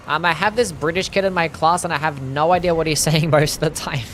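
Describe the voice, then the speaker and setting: A man's voice: on the high side, fairly quick, hardly any pauses, fairly bright tone, a little hiss or hum. A young Australian man with a mild Australian accent, chatting casually while streaming a game and answering his chat.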